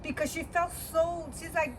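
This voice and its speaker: A woman's voice: extremely high pitch, flat delivery, normal speed, over a noisy crowd. A woman in casual conversation about a book, chiming in earnestly with her view of the story. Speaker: co-reviewer.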